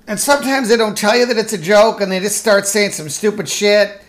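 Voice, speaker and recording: A podcast host with a mid-range voice delivers a brisk solo comedic monologue, ranting sarcastically with profanity. The talk rambles, full of fillers and restarts, and slips into mocking voices.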